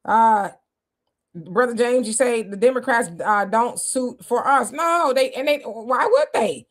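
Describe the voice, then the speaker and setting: Heated high-voiced woman livestream host. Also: expressive, normal speed. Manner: heated, exclamatory, talks to viewers as y'all. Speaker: livestream co-host reading viewer comments. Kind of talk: casual political commentary chat.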